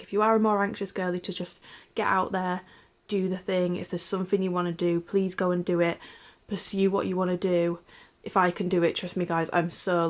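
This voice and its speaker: Young woman vlogging, candid and rambling. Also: on the low side. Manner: rambling, heavy use of "like", frequent swearing. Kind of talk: candid chatty vlog monologue.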